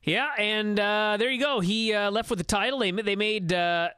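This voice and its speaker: A man recapping a wrestling match on a radio show, telling it in a quick, excited run with many fillers. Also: high-pitched, clean tone, dry recording. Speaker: wrestling analyst.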